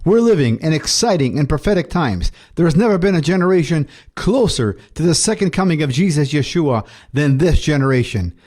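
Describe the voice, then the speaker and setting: A man's voice: a little high, sing-song, a little fast, hardly any pauses, a little mellow. Male preacher, rabbi, ministry update, reading verses aloud. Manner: preaching, reads scripture aloud. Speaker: Messianic rabbi.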